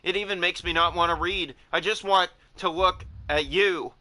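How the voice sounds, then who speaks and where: A man voicing a shy, intense bookish teenage girl who speaks in halting, stammering bursts. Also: sits high, steady tone, bright, forceful tone. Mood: flustered.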